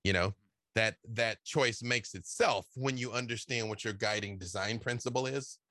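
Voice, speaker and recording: Worn out after a long day, a guest game designer talks casually in an interview over a video call, rambling and peppering his speech with "you know." His lowish voice is pushed and bright, moving at a moderate pace, with clean studio sound and no room echo.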